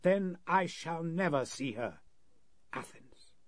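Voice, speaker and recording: A man voicing a starved, defiant male captive who answers slowly and firmly, in a 1930s radio drama. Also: a little high, animated, dry recording, pitched above the performer's own voice. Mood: faint. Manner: slow, raised, defiant refusals.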